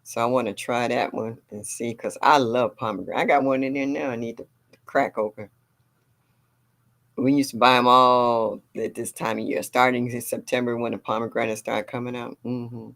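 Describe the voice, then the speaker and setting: Older lady doing a garden livestream, gravelly voice, chatty, reads out the chat. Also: extremely low pitch, steady tone, normal speed, fairly bright tone. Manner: chatty, reads viewer comments aloud. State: a little sore. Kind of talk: casual livestream chat reading comments.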